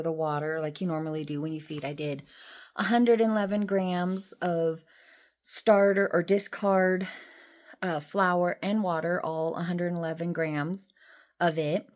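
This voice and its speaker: A woman's voice: fairly low pitch, fairly even intonation, unhurried, darkish tone. A woman vlogger and rideshare driver talking in a chatty, rambling, emotional and upbeat way. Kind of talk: casual vlog chat.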